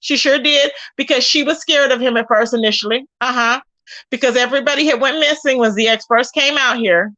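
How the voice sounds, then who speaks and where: A woman's voice: fairly high pitch, bright, forceful tone. A woman hosting her own channel, giving sassy, emphatic gossip commentary straight to her viewers. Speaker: channel host.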